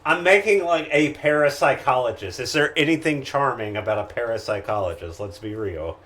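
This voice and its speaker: Bright-voiced joking player. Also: male voice, medium pitch, animated, a little fast. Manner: bright, chatty, protests and jokes. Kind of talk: casual chat at a game table.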